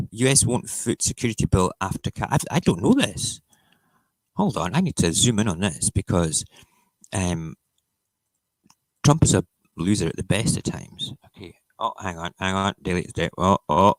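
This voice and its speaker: Scottish guy, middle-aged, real deep voice, sarcastic sweary rants hosting a morning stream, dry close sound. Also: lively intonation, normal speed, dry recording. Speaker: livestream host. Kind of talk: morning chat show, ranting about newspaper front pages.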